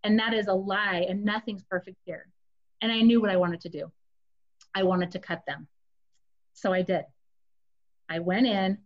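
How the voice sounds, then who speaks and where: Woman telling her own story, earnest and open, talks right to the listeners, kinda dull lo-fi sound. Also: medium pitch. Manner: earnest, confessional, addresses listeners directly. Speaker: speaker sharing her story. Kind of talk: personal testimony, casual storytelling.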